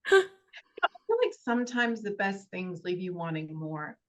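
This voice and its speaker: A woman, an actress, talking in an interview in a heartfelt, halting way with many fillers and restarts. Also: fairly low pitch, very animated, low-quality recording. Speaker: actress guest. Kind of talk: casual interview chat.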